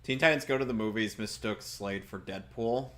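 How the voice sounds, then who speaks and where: A man's voice: on the low side, moderate pace, a bit bright. A man doing casual let's-play commentary, joking wryly and sarcastically while he plays. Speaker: gameplay commentator.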